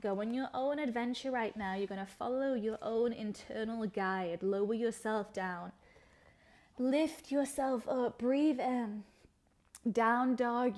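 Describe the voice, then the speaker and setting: A young woman teaching a yoga class, giving calm step-by-step cues timed to the breath. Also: a little high. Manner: calm instructional cueing, slow breath-paced phrasing. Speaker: yoga instructor.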